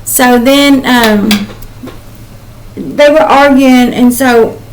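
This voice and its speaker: A woman's voice: sits high, steady tone, extremely slow, slight background noise, rough recording. An older woman, a psychic channeler, giving a casual spoken reading in a rambling, emotional way with many "um"s.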